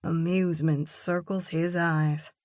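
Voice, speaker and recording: A woman narrates a romance audiobook in the first person with a slow, measured, expressive delivery. Her voice sits slightly low. The recording is dry and close, with no room sound. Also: no echo.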